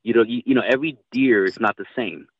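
A man's voice: mid-range voice, fast, dry recording. A man telling hunting stories in casual chat, rambling and swearing freely. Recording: dry tinny phone-like line.

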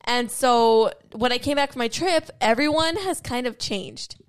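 A woman's voice: on the high side, measured pace, clean tone. A young woman in her twenties, a YouTuber, chatting casually and filling her talk with "like". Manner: chatty, says like a lot. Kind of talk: casual chat.

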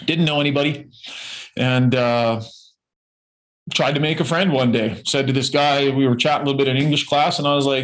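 A man with a mid-range voice tells a personal story in a relaxed, chatty way. He is a guest in a casual interview and often slips into the voices of the people he quotes. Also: medium pitch, a little fast, low-quality recording. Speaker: guest, former hockey player.

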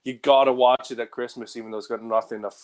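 A man's voice: medium pitch, little pitch movement, quick pace. A man who grew up in the United Kingdom, co-hosting a podcast in casual chat and laughing through the banter. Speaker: podcast co-host.

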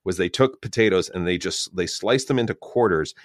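A Canadian man co-hosting a podcast, telling a relaxed, rambling story with fillers and casual swearing. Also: low-pitched, brisk, no echo, clean studio sound. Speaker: podcast co-host. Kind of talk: casual chat.

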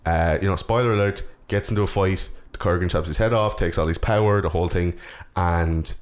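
A man's voice: deep voice, brisk. A man, chatting casually about a film, swearing often and rambling. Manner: sweary, rambling, acts out movie lines in silly voices. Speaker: podcast co-host.

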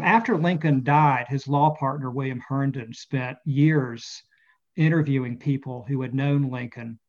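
A male author as an interview guest, talking through his novel and reading from it. He speaks haltingly, with many fillers and repeated words, in a slightly high voice. The recording is dull and lo-fi. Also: darkish tone. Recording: muffled lo-fi audio.

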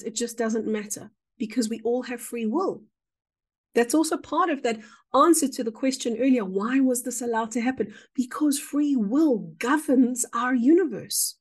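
A woman with a fairly high voice talks as a podcast guest. Her delivery is earnest and expressive, and her pace speeds up and slows down as she makes her points. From South Africa. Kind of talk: spiritual conversation.

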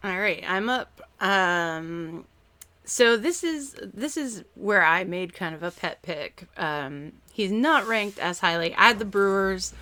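A woman in a casual podcast chat about baseball draft picks, chatty and quick to laugh. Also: mid-range voice, expressive, pushed and bright.

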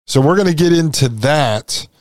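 A man's voice: fairly high pitch, animated, normal speed, darkish tone, no room sound, clean studio sound. A male podcast host rambling casually through a long story, full of fillers and asides.

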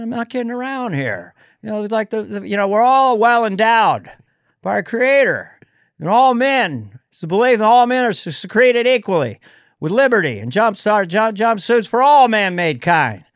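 A man's voice: high-pitched, sing-song, normal speed, no room sound, studio quality, voice pushed up. A man doing an impression of a rambling elderly male president who mangles his words. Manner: rambling, mangled phrases, yelling.

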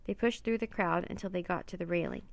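Woman reading a storybook, gravelly edge. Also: lowish voice, quick pace, dry recording. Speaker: narrator. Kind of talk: storybook read-aloud.

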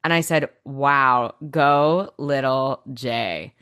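A woman's voice: rumbling low, drawn-out words, a bit bright, clean tone, no room sound, clean studio sound. A woman co-hosting a podcast, chatting casually and animatedly as she recaps a TV episode, swearing freely and acting out the characters' lines. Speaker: podcast co-host.

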